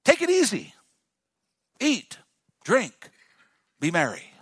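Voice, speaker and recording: A man voicing a boastful rich farmer who gloats over his wealth in a raised, excited, self-satisfied way. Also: high voice, slow, breathy edge, no room sound, studio quality, exaggerated voice. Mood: gloating.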